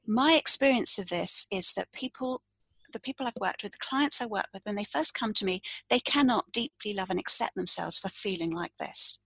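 A woman coach walks the listener through a tapping routine point by point, calm and instructive, speaking the tapping phrases aloud. Her voice has a soft, slightly breathy grain at a middle pitch. The sound is dry and close, with no room around it. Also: moderate pace, no echo, poor audio. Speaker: coach and tapping practitioner, podcast guest. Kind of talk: guided tapping demonstration.

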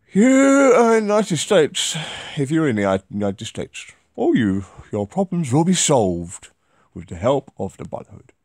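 A man's voice: a little high, wildly swooping pitch, measured pace, a little mellow, no echo, studio quality, voice pushed up, full character voice. A man voicing a posh, middle-class old man reading out a message in a pompous, theatrical way.

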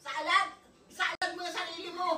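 A woman's voice: extremely high pitch, flat delivery, a little fast, bright, forceful tone, a little hiss or hum. A middle-aged Filipino woman with a Filipino accent, a mother who scolds and laughs in casual comic banter, mixing Tagalog and English. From Philippines. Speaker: mother in a family comedy video.

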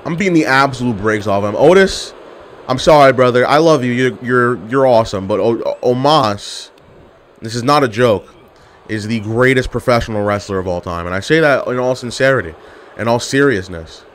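A man's voice: medium pitch, normal speed, slight background noise. A young man giving casual gameplay commentary as a gaming YouTuber, full of playful trash talk and hyped outbursts at the game.

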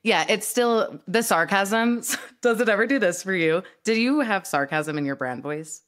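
A woman's voice: mid-range voice, expressive, normal speed, a bit bright. A woman co-hosting a podcast in casual chat, playful and sarcastic by her own account. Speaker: podcast co-host.

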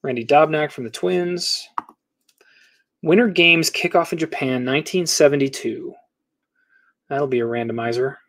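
A man's voice: a little high, moderate pace, pauses often, fairly bright tone. Man rattling off baseball card pulls. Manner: rattles off player names while opening packs. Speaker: card-breaking host. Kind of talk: casual live box break commentary.

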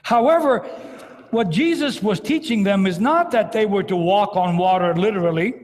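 Speaking at a moderate pace, a priest with a high, slightly mellow voice gives a dramatic sermon, performing scripture quotes as he goes. The long reverb of a large cathedral surrounds him.

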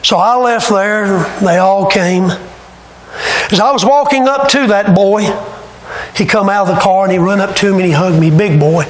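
Male pastor, high voice, dramatic sermon storyteller; roomy church sound with faint background noise. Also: moderate pace. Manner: emotional, dramatic retelling. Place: church sanctuary.

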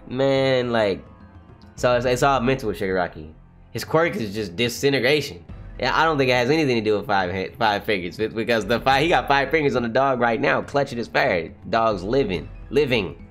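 A young man streaming a live read-along reaction, swearing freely and swinging from low mutters to high shouted outbursts. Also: expressive, fairly quick, faint music behind. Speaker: streamer reacting to a manga chapter.

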